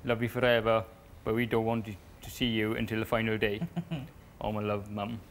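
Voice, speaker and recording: A young man, a reality show contestant, reading a family letter aloud, halting and stumbling over words. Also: lowish voice, flat delivery, a little hiss or hum. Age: young adult.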